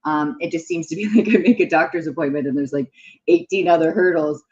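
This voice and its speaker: A woman's voice: lowish voice, animated, a little fast, a little mellow, highs cut off. A woman hosting a casual livestream talk show, rambling and chatty with lots of fillers.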